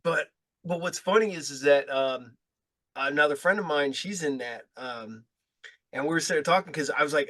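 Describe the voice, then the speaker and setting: A man, a podcast host and producer, chatting casually, rambling with halting restarts. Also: on the high side, a bit bright.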